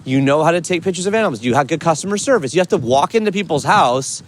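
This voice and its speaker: A curious, talkative man hosts a podcast on foot, asking questions and spinning stories with a fairly high voice. Traffic and city street noise fill the background of this outdoor recording. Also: lively intonation. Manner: chatty, curious, quick-talking storyteller. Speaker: podcast host. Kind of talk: walking interview chat.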